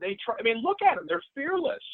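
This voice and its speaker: Animated middle-aged man on a tinny line. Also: very high voice, quick pace, no echo. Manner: animated, swears freely, repeats himself. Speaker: podcast guest. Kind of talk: casual interview chat. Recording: tinny phone-like line, dry.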